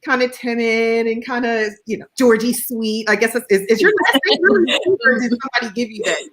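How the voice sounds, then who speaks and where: A woman's voice: on the high side, a little fast, a bit bright. A woman radio DJ co-hosting a casual online show, gushing and emotional in her praise. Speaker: co-host, radio DJ.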